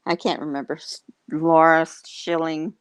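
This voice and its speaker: A woman hosts a casual livestream and chats with her viewers. She talks in an unhurried, teasing, rambling way, with lots of fillers. Her voice is smooth and clear, recorded dry and close. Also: sits low, flat delivery, no room sound. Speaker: livestream host.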